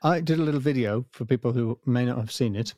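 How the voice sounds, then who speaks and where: A man's voice: medium pitch, quick pace, mellow, no echo. A man chatting as a podcast guest, with a dry, self-mocking wit and an easy mid-range voice. His voice sits close and dry on the mic, with no room sound. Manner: dry, self-deprecating humour. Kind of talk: casual podcast chat.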